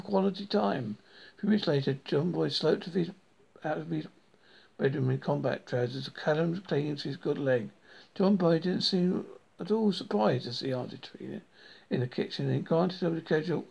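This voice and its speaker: A man's voice: on the high side, moderate pace, creaky, darkish tone, breathy edge. A man reading a comic diary novel aloud, with frequent slips and restarts. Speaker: reader.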